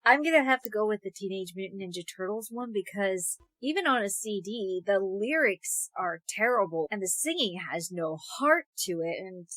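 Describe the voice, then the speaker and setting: A woman co-hosting a casual movie review chat, speaking in a sarcastic, expressive way. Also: mid-range voice, normal speed, hardly any pauses, no echo. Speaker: co-host.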